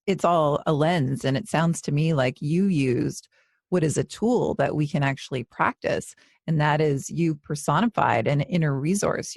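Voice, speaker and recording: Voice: mid-range voice, creaky, no room sound, clean studio sound. A podcast host giving affirming, reflective feedback to a guest and steering the conversation. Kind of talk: supportive interview conversation.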